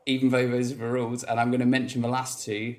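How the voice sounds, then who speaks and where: A man's voice: mid-range voice, completely flat delivery, fast talker, background noise. A young adult man from England, a podcast guest joking and rambling in casual chat over a video call. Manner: self-mocking, rambling, playful.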